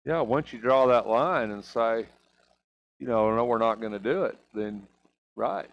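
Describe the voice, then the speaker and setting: A man's voice: medium pitch, measured pace, vocal fry, dull audio. A man teaching a church Bible class, asking rhetorical questions and often checking in with "right?".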